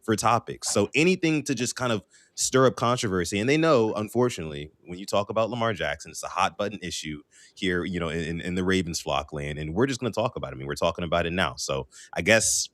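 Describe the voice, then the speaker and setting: A man with a lowish voice hosts a sports podcast and keeps the talk moving. His voice is dry and close to the mic, with no room around it. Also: expressive, fast talker, a bit bright, no room sound. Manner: conversational, leading the discussion. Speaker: podcast host.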